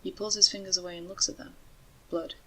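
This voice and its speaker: A woman narrating a story in a steady, measured way. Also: fairly low pitch, husky, rough recording.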